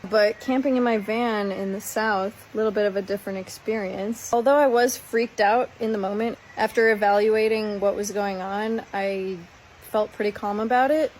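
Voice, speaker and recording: A woman from Minnesota telling a story in her vlog in a calm, matter-of-fact way. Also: mid-range voice, moderate pace, a little hiss or hum, poor audio. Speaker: van lifer vlogger.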